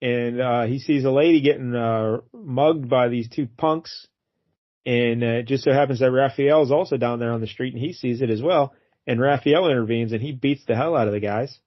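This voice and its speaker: Man, casual comic review chat, relaxed, laughs a lot, dry lo-fi sound. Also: mid-range voice, moderate pace, no room sound. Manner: laid-back, laughs often, recaps the story. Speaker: podcast co-host.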